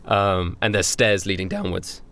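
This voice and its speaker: A man narrating as game master of a tabletop game, halting and full of filler ums. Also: low voice, fairly even intonation, a bit bright.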